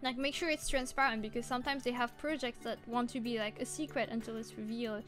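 A high-voiced woman chatting playfully with her viewers during an art stream. She is sleepy and keeps holding back yawns, yet she stays bubbly. Soft music plays faintly behind her. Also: steady tone, fast talker. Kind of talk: casual chat while drawing.

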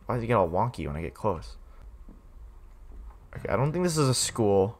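A young man commenting on a horror game, muttering to himself and then yelling in sudden fright. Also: on the low side, very animated, normal speed, pauses often. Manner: jumpy, swings from muttering to yelling. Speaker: gaming streamer.

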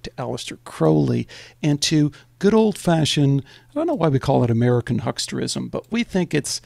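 Gravelly-voiced male podcast host. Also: medium pitch, darkish tone, no room sound. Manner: direct, steering the talk. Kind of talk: conversational interview.

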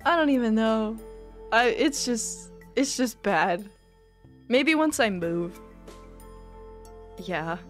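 A woman live-streaming a video game, chatting casually in a rambling, self-deprecating way, full of "like" and quick giggles. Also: mid-range voice.

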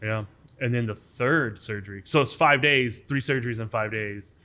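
A man from the United States, a guest on a podcast, tells his story casually and energetically, often restarting sentences and acting out what others said. His voice is medium-pitched at a moderate pace.

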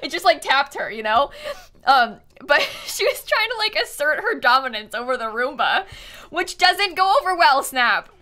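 A woman's voice: high voice, very animated, normal speed, bright, forceful tone. A young woman chatting casually and giggling often as she streams herself playing a game. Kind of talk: casual live-stream chat while playing.

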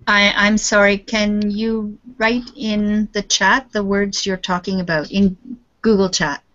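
A woman leads an English lesson over a video call, explaining phrases and modelling pronunciation with steady patience. She speaks slowly and deliberately, at a middle pitch. The call audio sounds muffled and lo-fi. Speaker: English teacher. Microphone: computer mic on a video call.

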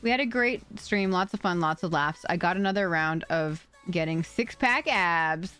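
A young adult woman live-streaming, chatting excitedly with her viewers, thanking donors, swearing and laughing. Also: lowish voice, normal speed, smooth. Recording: faint music behind.

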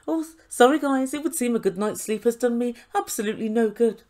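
A woman's voice: a little high, fairly even intonation, a little fast, few pauses, darkish tone. A woman giving an indignant, sarcastic recap and review of a reality TV show, swearing now and then.

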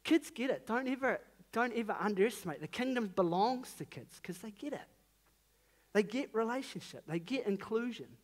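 A man's voice: high voice, animated, normal speed. A man in his thirties with a New Zealand accent, preaching a sermon in an earnest, conversational way with emphatic rises on key phrases.

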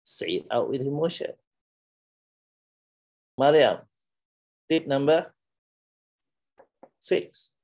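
A man's voice: medium pitch, sing-song, very slow, creaky, long pauses, a little mellow. A middle-aged man with a Malaysian English accent, giving a playful, teasing classroom talk and laughing often. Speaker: lecturer.

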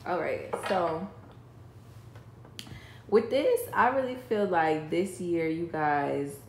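A woman's voice: lowish voice, slow pace, darkish tone. A woman giving a casual, chatty tarot reading, talking straight to her viewers with enthusiasm. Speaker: tarot reader. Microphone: voice-over, face not shown. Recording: echoey room with clicking noise.

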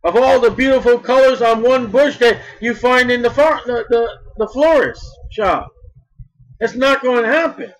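A man preaching a sermon in an emphatic style, repeating words and swinging between loud bursts and soft asides. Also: extremely high pitch, moderate pace, rough recording.

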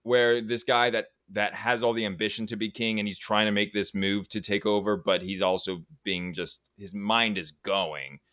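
A man's voice: on the low side, steady tone, moderate pace, hardly any pauses, fairly bright tone, dry recording, clean studio sound. A man in a casual TV review chat, musing thoughtfully and rambling with restarts.

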